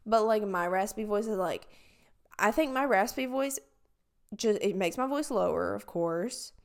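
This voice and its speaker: A young woman with a raspy, nasal voice and a country accent, rambling casually as a podcast host with lots of "like". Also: medium pitch, measured pace. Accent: US Southern. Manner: rambling, filler-heavy with frequent "like". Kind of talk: casual solo podcast chat.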